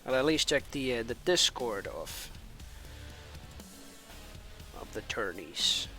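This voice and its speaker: A man's voice: mid-range voice, very animated, normal speed, bright, forceful tone, soft background music. A man from Finland, a native Finnish speaker with American-sounding English, rambling in casual stream chatter as an esports caster between matches and laughing at himself.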